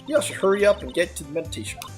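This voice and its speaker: Streamer doing a Southern accent, brash woman photographer, folksy whooping drawl, lively pitch, game character. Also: racing, soft background music, natural voice. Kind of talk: let's play character voice.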